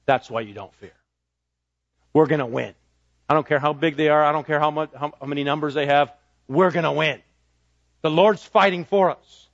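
A man preaching a sermon, swinging between ringing, raised declarations and soft, low asides. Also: moderate pace, pauses often, no room sound, dull audio. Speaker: pastor.

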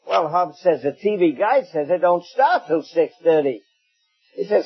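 An older man from England with an English accent, preaching a sermon in an anecdotal, gently humorous way. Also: high voice, lively intonation, normal speed, breathy edge, muffled recording.

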